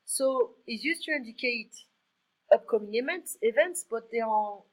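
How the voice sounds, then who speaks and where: A woman's voice: medium pitch, a bit bright, husky, low-quality recording. A woman with a French accent, a native French speaker, giving a one-to-one French lesson over a video call. She drills verb forms aloud and explains them in English. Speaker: French tutor.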